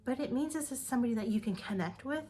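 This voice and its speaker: A woman's voice: on the high side, expressive, fast talker, dark tone, a little hiss or hum. A woman giving an upbeat motivational talk to her direct sales team, repeating words for emphasis.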